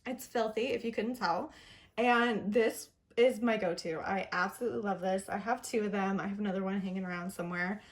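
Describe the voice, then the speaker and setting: A woman's voice: mid-range voice, fairly quick. A young woman chatting casually through a makeup review, upbeat and chatty, with little self-deprecating laughs. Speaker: beauty vlogger.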